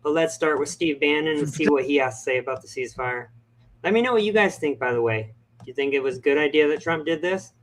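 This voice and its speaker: A man's voice: on the high side, quick pace, a little hiss or hum. A man hosting a reaction podcast, talking conversationally and addressing his viewers directly between clips. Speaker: podcast host. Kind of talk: casual reaction podcast talk.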